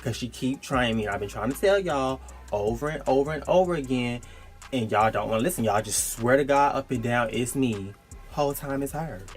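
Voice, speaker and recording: A young man tells a personal story in a casual, slangy vlog style. He is animated and jumps into sharp, high-pitched bursts when he quotes himself. Faint music plays under his voice. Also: moderate pace. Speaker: storytime vlogger.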